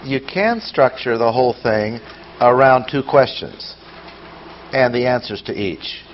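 A man's voice: mid-range voice, a little slow. A man teaching scripture verse by verse, reading passages aloud, then explaining them and asking rhetorical questions. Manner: poses rhetorical questions to listeners. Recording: dull lo-fi sound with faint noise.

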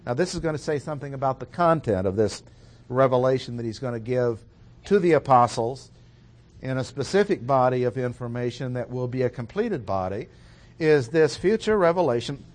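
Man teaching scripture, measured and emphatic. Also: mid-range voice, lively intonation, darkish tone. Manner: measured, explanatory, stresses key words. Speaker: Bible teacher. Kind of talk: expository Bible lecture.

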